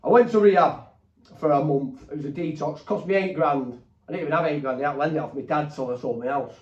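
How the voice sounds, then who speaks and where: Bloke on a podcast, swears a lot, rambles, sounds far off in a roomy space. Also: male voice, a little high, fairly even intonation, fast. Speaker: podcast guest. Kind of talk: candid storytelling. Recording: roomy, distant, dull.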